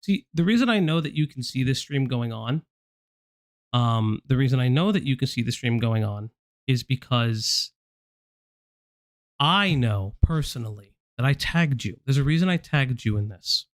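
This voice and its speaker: Man, stream host, blunt, confrontational, middle pitch, dry close sound. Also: animated, normal speed, no echo. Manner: blunt and confrontational, addressing someone directly. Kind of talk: casual live-stream commentary.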